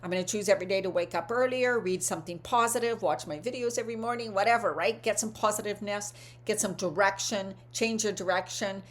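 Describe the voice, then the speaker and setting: A woman in her fifties giving an earnest motivational talk as a wellness coach, often checking in with "right?". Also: medium pitch.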